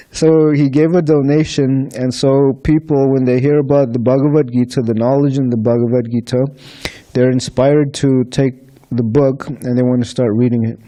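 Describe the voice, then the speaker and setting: A man's voice: medium pitch, warm tone. A man telling anecdotes to a congregation about handing out books, acting out the conversations and chuckling between stories. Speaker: book distributor sharing experiences. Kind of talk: casual anecdotal storytelling to a congregation.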